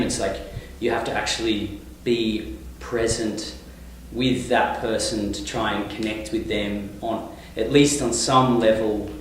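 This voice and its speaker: Australian male guest, lower voice, loose and rambling, recorded far off in a very echoey space. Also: a little hiss or hum. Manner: relaxed, rambling, many fillers and restarts. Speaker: touring singer-songwriter, guest. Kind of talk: casual interview. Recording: echoey room, mic at a distance.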